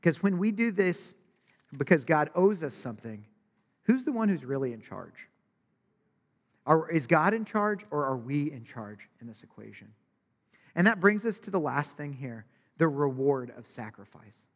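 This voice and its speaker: A man's voice: fairly high pitch, sing-song, normal speed. A man preaching a sermon in a conversational way, often asking "right?" and acting out quotes. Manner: conversational, with frequent "right?" asides and acted-out quotes. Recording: long reverb of a large hall.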